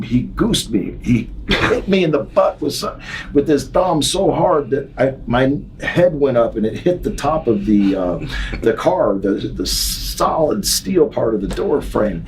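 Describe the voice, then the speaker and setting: A man, a retired wrestler, telling a prank story in an animated way. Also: far from the mic, slight background noise, rough recording. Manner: animated, gets loud and high when excited. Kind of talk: storytelling anecdote.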